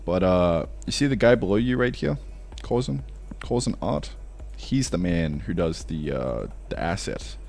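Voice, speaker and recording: Deep creaky-voiced man streaming. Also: animated, measured pace, few pauses, darkish tone. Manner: mumbling, thinking aloud with fillers. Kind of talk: casual live-stream chat while programming.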